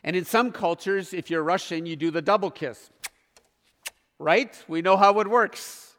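A man preaching a sermon as pastor, earnest, with emphatic pauses. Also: high-pitched, a bit bright, in a large hall.

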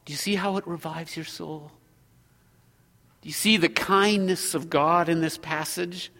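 Earnest pastor preaching, bright ringing voice, long church reverb, goes loud then hushed. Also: male voice, on the high side, steady tone, a little slow, creaky. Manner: earnest, swings from loud exhortation to hushed prayer. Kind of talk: sermon.

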